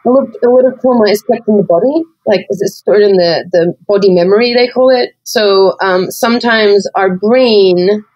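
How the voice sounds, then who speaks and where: A woman's voice: medium pitch, normal speed, few pauses, a little mellow, dry recording. Woman podcast co-host, candid, meandering with fillers; muffled, close and dry. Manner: rambling, many "like" fillers, reflective. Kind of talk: candid conversational chat.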